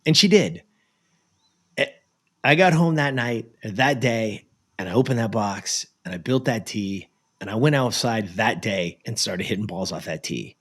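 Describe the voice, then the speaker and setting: A man from the United States, a coach, telling an animated personal story as a guest in an interview. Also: on the low side, unhurried, husky. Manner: animated, acts out the voices of people in his story. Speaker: guest, productivity and life coach.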